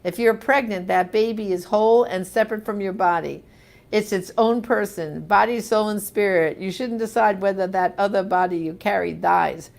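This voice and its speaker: A woman's voice: mid-range voice, normal speed, vocal fry. A woman hosting a live show, reading viewer comments and answering them in an emphatic, conversational way.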